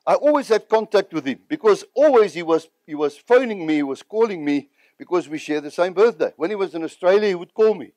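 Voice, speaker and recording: A South African evangelist with a high, light voice recounts his own story with earnest feeling. The recording is close and dry, with no room echo. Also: lively intonation, a little fast, few pauses, a little mellow. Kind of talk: personal testimony.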